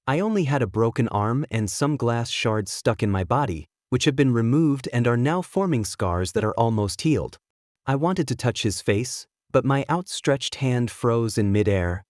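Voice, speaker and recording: A man giving a steady, measured first-person narration of a scripted story. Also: medium pitch, no room sound, clean studio sound.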